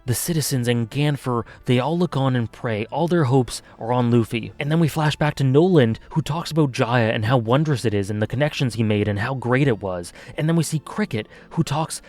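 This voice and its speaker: A man's voice: medium pitch, a little fast, few pauses, a little mellow. A man giving an earnest, passionate video review commentary as a reviewer. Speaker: anime reviewer.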